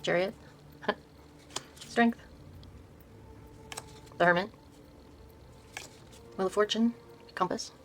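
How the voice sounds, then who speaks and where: An older woman hosting her own video, softly showing tarot decks and reading card names aloud, often trailing off and restarting words. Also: mid-range voice, fairly even intonation, very slow, pauses often, slight background noise, low-quality recording. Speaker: host showing her tarot deck collection. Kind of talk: soft-spoken casual deck walkthrough.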